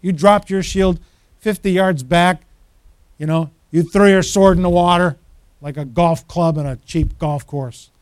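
Lively male preacher with a high voice, recorded dry and close; tells stories and acts out the people he quotes. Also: a little slow, clean tone, dry recording. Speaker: pastor. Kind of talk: sermon.

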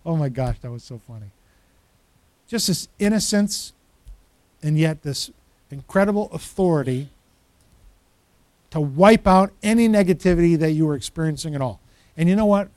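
Lively male preacher with a high voice, recorded dry and close; tells stories and acts out the people he quotes. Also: moderate pace, pauses often, dry recording. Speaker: pastor. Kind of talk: sermon.

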